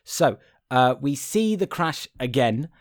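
A man's voice: medium pitch, very animated, slow, no room sound, clean studio sound. A man co-hosting a casual film chat, swearing freely and laughing as he talks. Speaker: podcast co-host.

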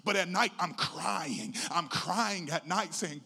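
A middle-aged male pastor preaching a sermon, telling his own story in a sing-song preaching cadence that swells from hushed to loud. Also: sits high, slow pace, creaky, breathy edge.

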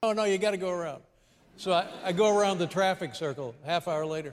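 An older man tells a dry, chuckling anecdote as a talk-show guest. His voice is fairly high for a man and carries a long reverb tail from a played-back broadcast. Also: a little fast, noisy background. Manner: wry, with chuckles. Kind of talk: anecdotal storytelling.

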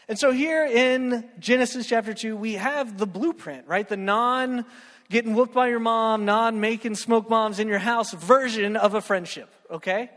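A young man preaching a sermon in an animated, joking way, checking in with the crowd with a constant "right?". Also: very high voice. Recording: long hall reverb.

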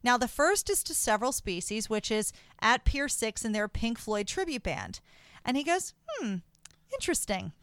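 A woman hosting a podcast who talks in a gushing, excitable way in casual chat. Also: on the high side, normal speed, clear, resonant tone, dry recording, studio quality. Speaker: podcast host.

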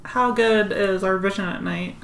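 A woman playing a tabletop game, bossy and quick to steer her group. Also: medium pitch, fairly even intonation, gravelly, slight background noise. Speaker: player. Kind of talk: casual tabletop play.

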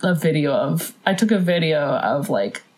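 A woman chatting casually as a podcast co-host. Her pitch leaps and swoops as she talks. She laughs often and acts out bits of dialogue in her retelling. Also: animated, normal speed, a little mellow, poor audio. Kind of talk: casual chat.

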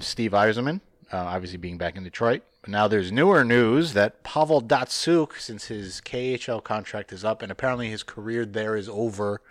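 A man's voice: on the low side, dry recording. A man hosting a casual sports podcast, rambling and joking, often breaking into laughter. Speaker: podcast host. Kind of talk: casual hockey chat.

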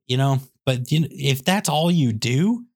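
A man on a podcast doing an excitable comedic rant. He keeps tagging his lines with "okay?" and "all right?", and his voice jumps high when he gets worked up. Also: unhurried, slightly rough.

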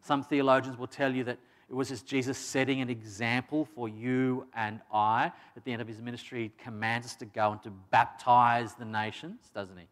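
A man's voice: mid-range voice, fairly even intonation, normal speed, few pauses, fairly bright tone. A man preaching a sermon in a conversational, emphatic way, with restarts and casual asides.

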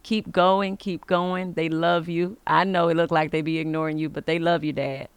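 Woman podcast host, smooth and resonant, preacher-style encouragement, dry close mic. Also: fairly low pitch, level tone, moderate pace, no echo. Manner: emphatic, preacher-like, giving blessings. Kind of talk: inspirational faith podcast monologue.

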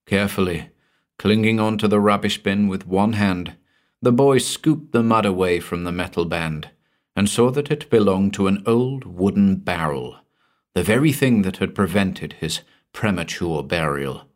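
A man reading a scripted horror story aloud in a measured, dramatic way, dropping to a hush at the ends of phrases. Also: deep voice. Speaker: narrator.

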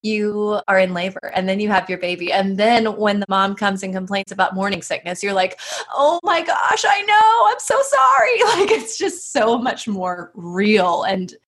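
Breathy woman hosting a casual interview. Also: medium pitch, normal speed, few pauses. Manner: warm questioning, laughs often, trails into fillers. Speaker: podcast host and midwife.

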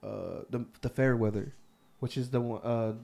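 A man's voice: medium pitch, steady tone, moderate pace, gravelly, dark tone. A young man in casual chat with friends, telling a rambling, profanity-filled story and laughing as he goes. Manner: rambling, swears a lot, laughs through his story.

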